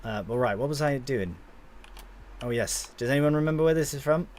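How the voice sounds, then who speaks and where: A man's voice: mid-range voice, fairly quick, a little mellow, a little hiss or hum. A young man casually commentating his gameplay on a live stream, chatting to viewers and swearing now and then.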